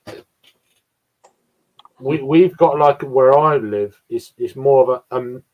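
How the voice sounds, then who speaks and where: A man's voice: medium pitch, slow, highs cut off. Hesitant South East English man. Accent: South East English, Essex and East London mix. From South East England. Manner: hesitant, repeats words and restarts. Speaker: guest on a live beer stream. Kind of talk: casual chat.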